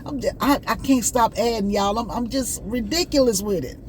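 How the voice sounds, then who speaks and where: A woman hosting a casual vlog, chatting and telling stories in an animated way while out on a morning walk. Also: a little high, normal speed, slight background noise. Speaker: vlog host. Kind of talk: casual chat.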